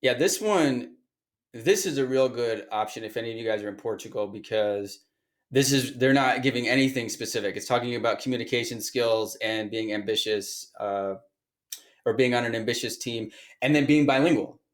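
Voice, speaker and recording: Man, middle-pitched voice, casual talk, online instructor, thinking aloud while reading listings. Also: moderate pace. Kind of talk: casual screen-share walkthrough.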